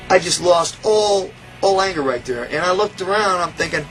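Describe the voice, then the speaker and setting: Interviewee, man, fired-up storyteller who acts out the quotes, voice sits a bit high. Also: lively intonation, normal speed, hardly any pauses, fairly bright tone, faint music behind, poor audio. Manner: heated, profane, acts out quoted lines. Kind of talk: animated storytelling.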